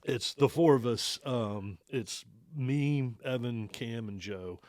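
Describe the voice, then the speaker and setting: A man's voice: medium pitch, takes it slowly, a little mellow, no echo, clean studio sound. A man who owns an archery shop, telling a story in a casual interview, laughing often and acting out the lines of the people he quotes. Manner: laid-back, laughs often, acts out quoted talk. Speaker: archery shop owner, guest.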